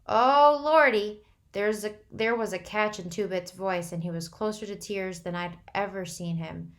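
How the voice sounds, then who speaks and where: A woman's voice: medium pitch, steady tone, normal speed, lightly acted. A joking teenage boy, voiced by a woman reader who has turned grave. His words come out tight and choked. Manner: serious, choked, snapping.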